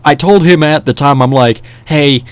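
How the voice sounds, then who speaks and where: A young man telling a casual story in a rambling, animated way, with many restarts and fillers. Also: fairly high pitch, moderate pace, dry recording. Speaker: vlogger. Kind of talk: casual storytelling over gameplay.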